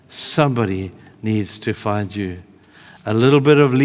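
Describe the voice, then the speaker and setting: A man preaching a sermon in a church hall, conversational, moving between emphatic calls and hushed, tender asides. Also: mid-range voice.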